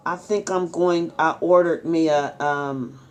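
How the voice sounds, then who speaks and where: A middle-aged woman vlogging at home, chatting to her followers in a rambling, story-telling way with ums and soft laughs. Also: deep voice, steady tone, a little slow. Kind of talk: casual chat to camera.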